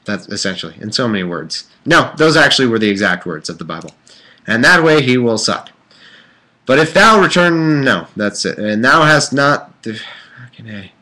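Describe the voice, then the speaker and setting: Very animated and speaking at normal speed, a man with a medium-pitched, pushed and bright voice reads scripture on a casual livestream. He peppers the reading with irreverent jokes and rambling asides full of fillers and restarts.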